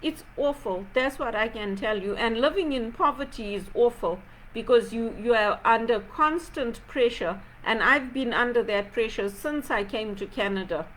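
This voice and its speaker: A woman's voice: on the high side, moderate pace, few pauses, fairly bright tone, slight background noise, rough recording. A woman from Zimbabwe giving an impassioned spoken reflection, aggrieved and rhetorical, firing off repeated pointed questions. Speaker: video blogger.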